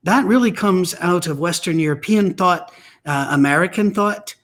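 A man's voice: sits high, normal speed, a bit bright. A man giving a weekly preaching message, telling stories in a blunt, emphatic, conversational way. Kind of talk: weekly message on church teaching.

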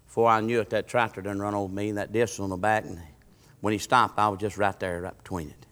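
A man preaching a sermon, moving between shouted, fervent lines and folksy stories. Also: lowish voice, flat delivery, fast. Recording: long hall reverb.

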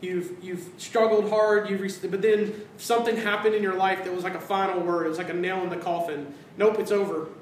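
A man preaching a sermon as pastor, animated, acting out quoted voices and dropping to hushed tones. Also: high-pitched, a little fast, few pauses, a little hiss or hum. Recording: roomy sound from a distance.

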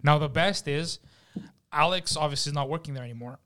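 A man's voice: on the high side, a little fast, bright, forceful tone, smooth. A man hosting a podcast, telling a story in casual chat, joking and swearing freely. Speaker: podcast host.

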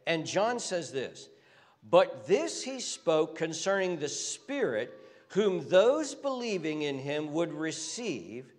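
A man preaches a sermon in earnest, often restarting his phrases and climbing higher when he drives a point home. His voice sits fairly high. A long reverb trails each phrase, as in a large church hall. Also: very animated, slow pace. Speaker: pastor.

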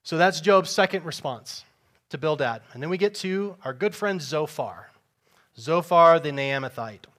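Emphatic, slightly high-voiced male preacher. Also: a bit bright. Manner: conversational and emphatic, with sarcastic asides. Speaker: pastor. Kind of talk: preaching a sermon. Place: church before a congregation.

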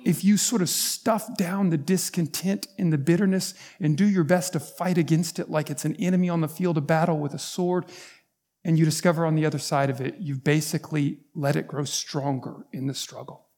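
Male pastor, slightly high voice, earnest sermon delivery that builds to emphatic points. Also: steady tone, a little fast, a little mellow. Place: church.

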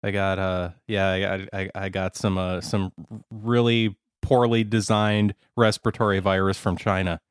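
A man's voice: low-pitched, flat delivery, measured pace, hardly any pauses, smooth, no echo. A man co-hosting a casual chat, with dry wry humor and a phlegmy throat. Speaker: podcast co-host.

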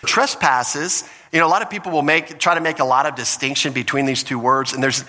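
A man's voice: medium pitch, fast, bright, forceful tone, long reverb tail. A man preaching a sermon as pastor, earnest and teaching, often restarting his phrases.

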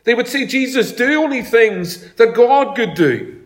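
A man's voice: very high-pitched, expressive, measured pace. A man preaching a sermon as pastor, talking in a conversational way and telling homely stories. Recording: echoey room.

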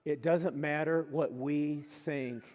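Preacher in a reverberant church hall. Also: male voice, a little high, steady tone, takes it slowly. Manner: earnest, conversational, swings between soft asides and loud emphatic lines. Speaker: pastor. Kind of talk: sermon. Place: church sanctuary.

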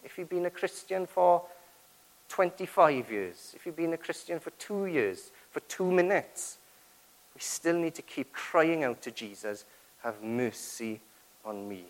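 A man's voice: fairly high pitch, expressive, a little slow, rough recording. A man preaching a sermon to his church, acting out quoted prayers and asking rhetorical questions.

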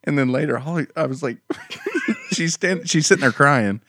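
A fairly high-voiced man chatting playfully and laughing often. His pitch swings widely, and the sound is dry and close. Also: lively intonation, moderate pace, bright, forceful tone, dry recording. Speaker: podcast co-host. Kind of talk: casual chat.

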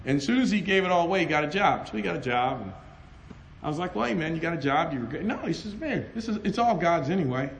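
Middle-aged preacher guy, loud n animated, high bright voice that swings all over. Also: fast talker, a little hiss or hum. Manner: loud, animated, laughing between stories. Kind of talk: lively storytelling sermon.

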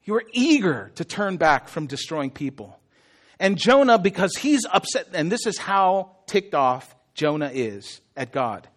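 A male pastor preaching a sermon in an animated, conversational way, often asking his listeners questions. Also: high-pitched, unhurried.

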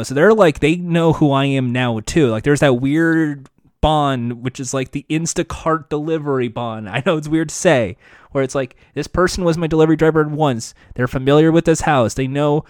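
Halting, rambling man with a dry sound. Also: fairly high pitch, a little mellow, no echo. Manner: rambling, halting restarts and fillers. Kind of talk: casual podcast chat.

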